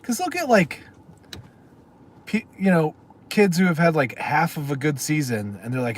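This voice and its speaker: A man's voice: a little high, very animated, moderate pace, slight background noise. A middle-aged man, hosting a livestream in a rambling casual chat and answering comments from viewers. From Texas. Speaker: livestream host.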